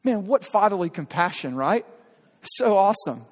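Guy preaching a sermon, kinda high voice, big echoey church hall, earnest and pleading, lots of questions to the crowd. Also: very animated, normal speed. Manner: earnest, urging, direct address with rhetorical questions. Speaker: pastor. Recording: long hall reverb.

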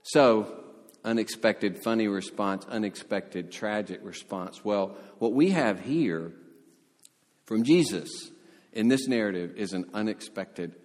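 Storytelling male preacher in a reverberant hall. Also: on the low side. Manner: storytelling, animated voices for quotes. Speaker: pastor. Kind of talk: sermon.

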